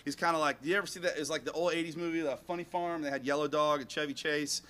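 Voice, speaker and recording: A man telling an animated personal story to an audience in a rambling, self-mocking way, acting out bits of dialogue. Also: fairly high pitch, fast talker.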